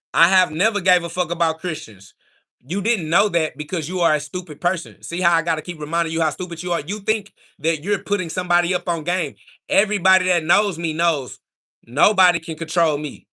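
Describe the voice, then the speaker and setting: This livestream host's voice sits high as he responds to chat with a preachy, combative rant. Over and over he insults his critics, and when heated he rises to shouting.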